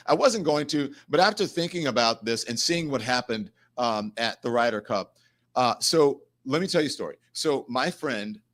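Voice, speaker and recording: A middle-aged man hosting a livestream, telling a story in an animated, indignant way with quick asides to the chat. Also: medium pitch. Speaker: host.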